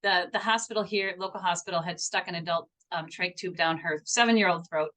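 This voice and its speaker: A woman's voice: lowish voice, fairly quick. Earnest middle-aged woman telling a story. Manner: earnest, animated storyteller with frequent restarts. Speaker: guest homeopath. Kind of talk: podcast interview storytelling.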